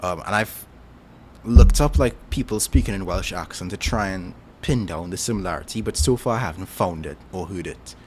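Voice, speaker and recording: Over a little background noise, a low, darkish male voice at normal speed belongs to a Trinidadian streamer who rambles through answers to his chat, pausing on plenty of filler words.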